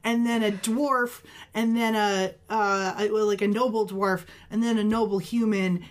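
A woman co-hosting a podcast in casual chat, playful, teasing and excitable. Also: mid-range voice, a little slow. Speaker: podcast co-host.

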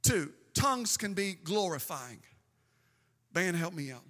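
A man preaching a sermon as pastor, swinging between emphatic bursts and slow, drawn-out phrases. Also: sits high, very animated, a bit bright. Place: church sanctuary with a band. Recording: long hall reverb with faint band music.

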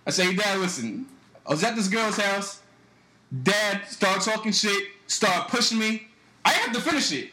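A man's voice: high-pitched, lively intonation, normal speed, sharp tone, echoey room, poor audio. A young man telling a story in a casual, profane way on a podcast, acting out other people's lines as he goes. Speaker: podcast host.

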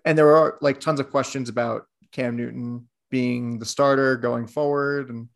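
A man's voice: medium pitch, fairly even intonation, normal speed, creaky. A man co-hosting a casual sports podcast, telling long, digressive stories in an easy, chatty way. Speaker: podcast co-host.

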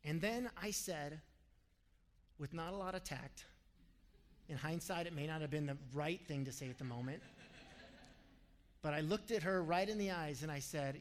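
A man preaches a sermon in a lively, animated way, slipping in humorous asides between points. His voice sits high for a man and carries a long reverb, as from a large hall. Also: normal speed, long pauses. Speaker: pastor.

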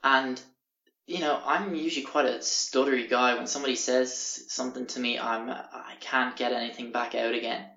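Rambling Irish man with a gravelly voice. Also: mid-range voice, level tone, moderate pace, bright, forceful tone. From Ireland. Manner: rambling, swears often, acts out quotes. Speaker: podcast host. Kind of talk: casual storytelling monologue. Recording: roomy, dull lo-fi recording.

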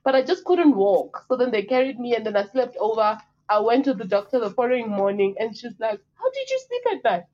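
A woman tells a story on a podcast in a high, bright-sounding voice, laughing often and acting out what others said. The recording is dull and a little lo-fi. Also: a little fast, hardly any pauses. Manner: animated, laughs often, acts out quotes. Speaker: podcast guest. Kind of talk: casual storytelling chat.

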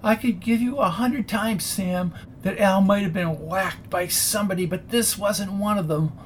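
A man reading a hard-boiled detective story, voicing a distressed young woman client in a shrill, clipped, defensive voice. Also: normal speed, a little hiss or hum, natural voice. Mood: upset, shrill.

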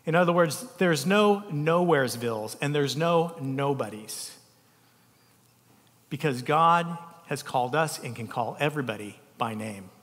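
A man preaching a sermon as a pastor, telling personal stories and dropping to a soft, tender voice at heartfelt moments. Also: a little high, lively intonation, a little slow, big-room sound. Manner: emotional, storytelling, speaks softly at tender moments.

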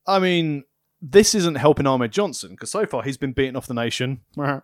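A man in his thirties, co-hosting a podcast in casual chat, telling lively stories with frequent laughs and swearing. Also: medium pitch, normal speed, dry recording, studio quality. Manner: animated storyteller, laughs often, swears freely. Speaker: wrestling manager and podcast co-host.

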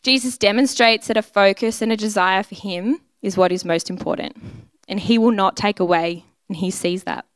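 A woman's voice: medium pitch, normal speed, no room sound. A woman giving a sermon in a conversational, earnest way, often voicing prayers aloud. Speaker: church speaker. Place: church.

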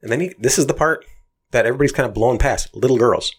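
A man co-hosting a casual chat, retelling a story in a profane, animated way with lots of restarts. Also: medium pitch, fast, slightly rough.

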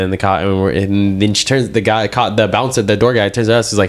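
A man's voice: lowish voice, fast talker. A man telling a rambling story in casual chat, full of fillers and restarts.

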